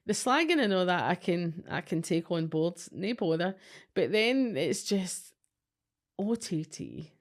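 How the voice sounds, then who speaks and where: A woman's voice: lowish voice, big pitch swings, a little slow. A Scottish woman co-hosting a podcast, telling stories in a blunt, sweary, chatty way. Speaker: podcast co-host, psychic. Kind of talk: casual chat.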